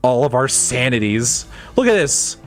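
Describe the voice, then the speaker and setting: A man's voice: medium pitch, sing-song, measured pace, faint music behind. A man streaming a game playthrough, joking around, laughing often and reading lines in mock-dramatic voices.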